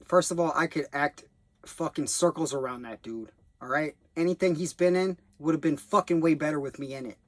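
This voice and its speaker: A man's voice: on the high side, fairly quick, no echo. A young man rambling in a loose, profane way as he reviews a film he worked on as a background actor. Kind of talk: rambling casual monologue.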